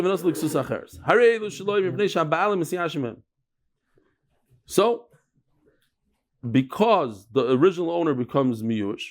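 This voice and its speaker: Animated man teaching Talmud. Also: fairly high pitch. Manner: animated storytelling, mixing English with Hebrew and Yiddish terms. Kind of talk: lively Talmud class lecture.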